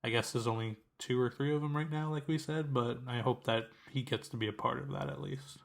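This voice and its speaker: A man co-hosting a movie podcast, talking in a relaxed, hedging way. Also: medium pitch, fairly quick, creaky. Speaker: podcast co-host. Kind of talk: casual podcast chat.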